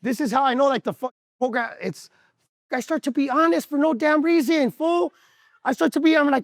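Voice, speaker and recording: A man's voice: very high-pitched, brisk, no echo, clean studio sound. A man talking candidly in a casual interview, rambling and profane, with streetwise slang and frequent laughter. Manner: animated, laughs often.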